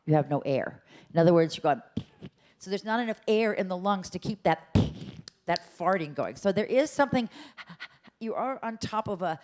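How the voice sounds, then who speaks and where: Lively playful woman teaching voice. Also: medium pitch, normal speed. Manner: demonstrates sounds, meows and hums; chatty, playful. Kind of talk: vocal workshop instruction. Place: lecture room at a symposium.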